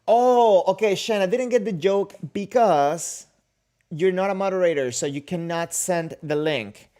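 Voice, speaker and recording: A man's voice: sits high, measured pace, mellow. A man hosting a casual livestream, answering viewer comments and questions in a rambling, joking way with many restarts. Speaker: kendo livestream host.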